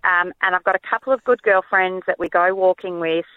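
A woman's voice: on the low side, steady tone, fairly quick, no echo, phone-quality sound. A woman, calling into a radio show and chatting enthusiastically. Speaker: caller. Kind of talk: casual chat.

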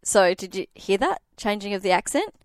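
A woman's voice: medium pitch, very animated, dry recording. A woman radio host telling a light news story in a chatty, casual way. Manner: chatty, quick storytelling with laughs.

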